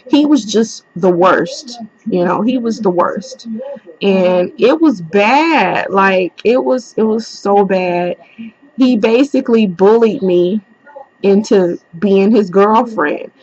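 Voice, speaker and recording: A young woman tells a personal story at an unhurried, drawn-out pace. She is blunt and swears freely. The recording is dull and lo-fi, with a dry sound and no room echo. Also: medium pitch, a little mellow. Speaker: vlogger.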